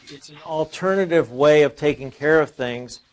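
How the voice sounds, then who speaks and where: At an informal sales seminar, a man with a fairly high voice talks at a normal speed. His delivery is conversational, full of rhetorical questions to the audience and frequently repeated or restarted phrases.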